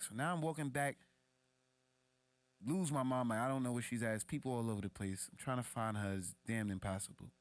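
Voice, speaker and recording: A man's voice: a little fast, no room sound. A young man leans in to tell a story, loose and profane, dropping slang as he goes. His voice sits in a middle register. The recording is close and dry, with no room in it. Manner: animated, acts out quoted voices in a much higher pitch; profane, slangy street talk. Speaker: podcast co-host. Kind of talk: casual storytelling.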